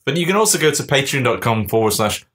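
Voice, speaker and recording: A man's voice: mid-range voice, big pitch swings, fast, a bit bright. A man co-hosting a casual comedy podcast, announcing upcoming shows in an upbeat way. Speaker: podcast co-host.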